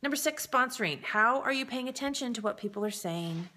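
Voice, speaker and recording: A woman's voice: on the high side, animated, brisk, pushed and bright. A woman giving an upbeat, casual sales training talk, chatting straight to the viewer and often checking in with them. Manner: upbeat and encouraging. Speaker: direct-sales presenter.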